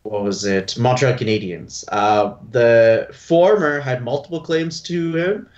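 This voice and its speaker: A man's voice: medium pitch, a little slow, a little mellow. Rambling male podcast co-host, muffled audio. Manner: rambling, many fillers, asks questions. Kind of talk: casual hockey chat.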